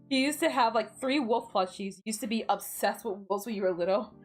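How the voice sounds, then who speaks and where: A woman's voice: on the high side, normal speed. A woman from the United States chatting casually while gaming on stream, giggling often and rambling through lots of filler words.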